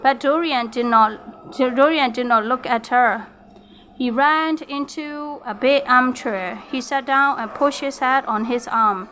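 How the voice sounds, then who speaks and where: Bright-voiced woman reading a storybook. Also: high voice, slight background noise. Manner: halting, with slips and restarts. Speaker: reader. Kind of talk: reading a graded storybook aloud.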